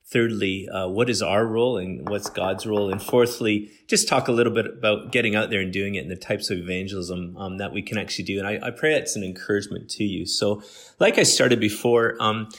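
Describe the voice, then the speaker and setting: Middle-aged man, slight Aussie tinge, lowish voice, easygoing podcast teacher who thinks aloud. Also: brisk. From Canada. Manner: relaxed, conversational, many fillers and restarts. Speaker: guest speaker.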